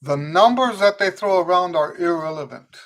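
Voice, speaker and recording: A man hosting a live trumpet Q&A, answering viewers' questions in a relaxed, conversational way, often restarting and checking in with "okay?". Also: high-pitched, normal speed. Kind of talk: casual livestream teaching, answering viewer questions.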